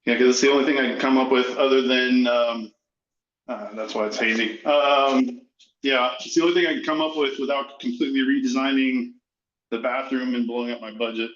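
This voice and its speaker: A breathless man on a video call, asking a question in an apologetic, halting way. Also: medium pitch, steady tone, a bit bright. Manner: apologetic, halting, restarts often. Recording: roomy dull video call audio.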